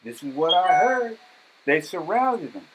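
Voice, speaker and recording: A man telling a personal story from his own life to an audience, unhurried and dramatic, often checking in with "okay?". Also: high voice, sing-song, slightly rough, low-quality recording. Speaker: storyteller and teacher.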